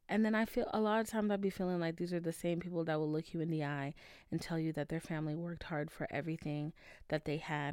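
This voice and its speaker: A woman hosting a podcast in casual chat, animated, chatty and freely profane. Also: sits low, quick pace, clean tone, no echo, studio quality. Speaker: podcast host.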